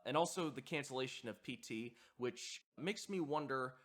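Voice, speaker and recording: A man's voice: medium pitch, normal speed, a bit bright. A man hosting a video essay, giving reflective commentary in a hesitant way with frequent fillers and restarts. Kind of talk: reflective commentary on horror sound design.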